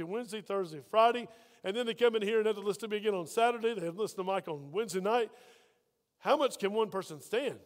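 A man's voice: high voice, in a large hall. A man preaching a sermon as pastor, fervent and full of rhetorical questions to the congregation.

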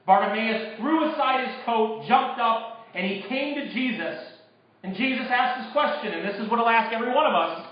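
A male pastor with a fairly high voice delivers a sermon, moving between easy conversational talk and forceful emphatic lines. His voice rings in a roomy church sanctuary. The recording is slightly dull. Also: fairly quick. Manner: conversational, builds to emphatic bursts.

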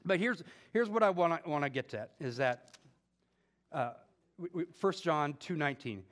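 Animated preaching man, lively rising voice. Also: a little high, moderate pace. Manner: animated, rising to emphatic peaks when stressing a point; conversational asides and direct questions to the congregation. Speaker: pastor. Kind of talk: sermon.

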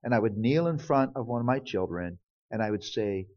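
A man's voice: fairly low pitch, animated, fairly quick. A man speaking as a pastor, telling a family story in earnest sermon style and acting out the quoted dialogue. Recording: dull lo-fi recording.

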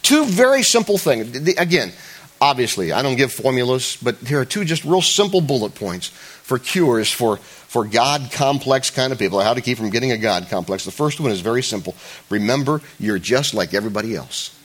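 Animated man preaching a sermon. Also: moderate pace. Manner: conversational, repeats and restarts often, jokes with the congregation; rises loud and high for emphasis. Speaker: pastor.

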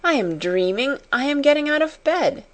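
A woman reading an audiobook, voicing a young girl who talks in breathless, quick exclamations. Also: sits high, lively intonation, pitched above the performer's own voice. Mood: breathless wonder. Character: young girl, wondering and overwhelmed. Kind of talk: audiobook character voice.

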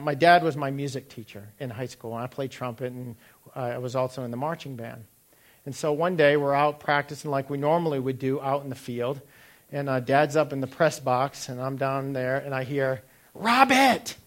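A man's voice: mid-range voice, fairly even intonation, normal speed. A middle-aged man giving a sermon, asking the listeners direct questions and telling personal stories. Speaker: pastor.

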